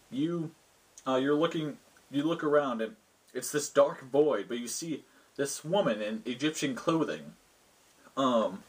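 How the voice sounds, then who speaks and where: A man's voice: medium pitch, a bit bright, breathy edge, poor audio. A man, the host, casually retelling a tabletop game session he ran, rambling with lots of fillers. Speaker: game master recounting a session. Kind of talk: casual storytelling.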